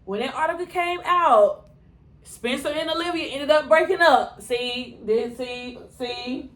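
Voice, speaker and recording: A woman reacts to a TV episode in casual commentary. She talks slowly and takes her time. She is animated and exasperated, and she argues with the characters on screen. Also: high-pitched. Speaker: TV reaction reviewer.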